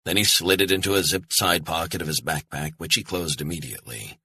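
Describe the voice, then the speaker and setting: A man narrating a thriller audiobook in a tense, measured way. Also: low voice, sharp tone, husky.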